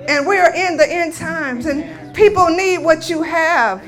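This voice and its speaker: A woman's voice: very high voice, unhurried, fairly bright tone, soft background music. A woman giving a sermon testimony, telling a healing story with emphatic declarations. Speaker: guest speaker.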